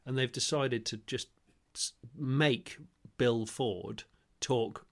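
A man, co-hosting a comic chat, explaining things slowly with a deadpan touch. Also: medium pitch. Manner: drawn-out, deadpan explaining, laughs often. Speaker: podcast co-host. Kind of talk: casual comedic chat.

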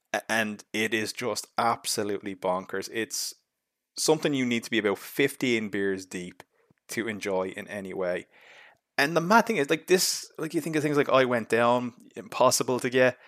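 A man's voice: mid-range voice, fairly bright tone, no room sound, studio quality. A young man giving blunt, sarcastic, chatty commentary on films as a show host. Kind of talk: casual film commentary.

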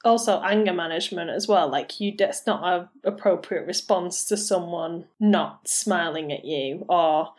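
A young British woman co-hosting a podcast, chatting and reading out facts in a measured way. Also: lowish voice, a little mellow. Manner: measured and matter-of-fact, reading facts between chat. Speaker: podcast co-host. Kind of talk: casual chat and reading out a case.

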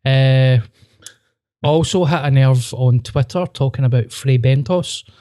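A man's voice: mid-range voice, a little slow, dark tone. A man with a Scottish accent co-hosting a podcast, trading sweary, laughing banter in casual chat. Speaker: podcast co-host.

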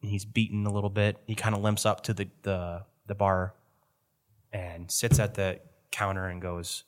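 A man's voice: on the low side, flat delivery, normal speed. A man narrating as game master in a tabletop game, loose and joking.

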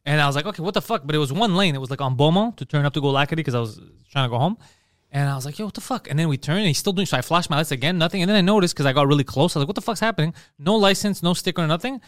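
A man co-hosting a casual podcast, telling animated, profane stories and acting out his own angry outbursts. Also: a little high, racing, dry recording, clean studio sound. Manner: animated storytelling, heavy swearing, acts out his own outbursts. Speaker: podcast co-host.

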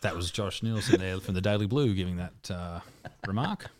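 A man's voice: deep voice, normal speed. A young Australian man co-hosting a crude, casual podcast, telling a long story with lots of swearing and laughter. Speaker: podcast co-host.

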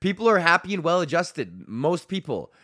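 A man's voice: fairly high pitch, very animated, normal speed, bright, forceful tone, no echo, clean studio sound. Rambling, swearing man on a podcast. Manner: swearing, rambling, laughs at himself. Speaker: podcast host. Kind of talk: casual ranting monologue. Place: home.

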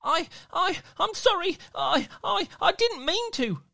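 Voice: animated, slow, vocal fry, bright, forceful tone, no echo, studio quality, heavily acted. A storyteller voicing a tiny, nervous boy from a hidden little folk in a children's story, stammering and anxious. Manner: stammering, anxious, high and breathless.

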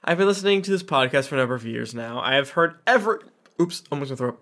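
A man's voice: medium pitch, expressive, very fast, fairly bright tone. A man hosting a podcast, reading listener reviews aloud with playful emphasis. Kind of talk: casual podcast chat.

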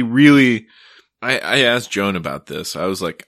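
Wry, bright-voiced man ranting. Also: sits low, expressive, a little fast, no room sound, clean studio sound. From Maryland, USA. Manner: profane, wry ranting with laughs. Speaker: podcast co-host. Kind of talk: casual chat.

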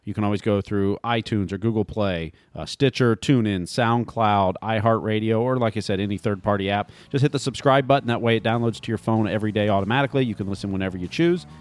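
Fast-talking low-voiced man. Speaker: podcast co-host. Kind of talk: casual podcast chat.

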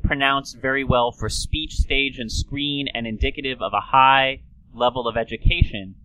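A man's voice: mid-range voice, steady tone, normal speed, sharp tone, dry recording, rough recording. A man hosting a casual talk show, explaining things in a playful, lecturing way. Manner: lecturing, playful, slips into old-timey announcer voice. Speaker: podcast host.

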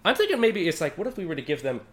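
A fairly high-voiced man talks through a casual podcast chat with growing excitement. He keeps slipping into other people's voices to act out their lines. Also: very fast. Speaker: convention organizer.

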